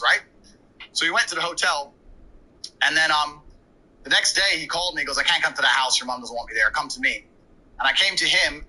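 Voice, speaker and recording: A man in his thirties, a podcast guest, tells a story in a brash, profane way, delivering his anecdote quickly and casually. His voice is a little high, pushed and bright with a breathy edge. The recording is rough.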